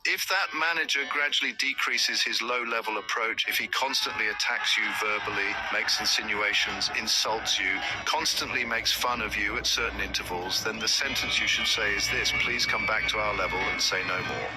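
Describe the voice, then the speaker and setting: A man's voice: lowish voice, poor audio. A man giving a motivational storytelling talk as a trainer, acting out the dialogue he quotes. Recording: music playing behind voice.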